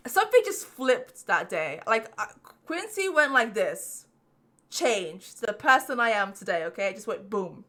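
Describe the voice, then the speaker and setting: Young female podcast host, bright forceful voice, cussing storyteller, casual chat. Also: mid-range voice, moderate pace. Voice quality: profane, animated storyteller.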